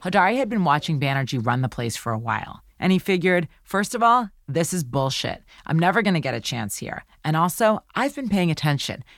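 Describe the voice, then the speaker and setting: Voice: mid-range voice, sing-song, a little fast, hardly any pauses, fairly bright tone, no echo. A reporter narrating a documentary podcast story in a conversational, plainspoken way.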